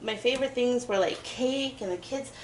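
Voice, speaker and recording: A woman's voice: on the high side, normal speed, a little hiss or hum. Chatty woman in an echoey kitchen. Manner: chatty, rambling, giggly. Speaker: vlogger. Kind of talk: casual kitchen chat while baking. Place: home kitchen. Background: chopping and clinking dishes.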